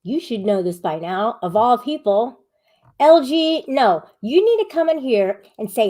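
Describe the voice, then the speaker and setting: A woman hosting a live-stream panel, chatting casually, reading the chat aloud and scolding viewers in a rambling, sharp manner. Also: on the high side, very animated, moderate pace.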